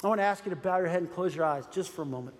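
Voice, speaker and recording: A man's voice: high-pitched, racing. A man preaching a sermon as pastor, earnest and urging, repeating phrases for emphasis. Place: church sanctuary. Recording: long reverb of a large hall.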